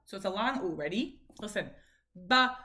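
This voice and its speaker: Woman, bright and animated, slow encouraging prompts, mother running speech practice. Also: medium pitch. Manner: patient, encouraging, drawn-out prompting. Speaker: mother coaching her son's speech.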